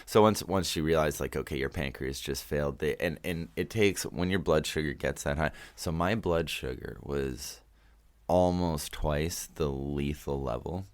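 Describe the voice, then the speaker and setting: A man's voice: very deep voice, measured pace. A man from Canada, a podcast guest telling a story casually, rambling and swearing freely with many restarts.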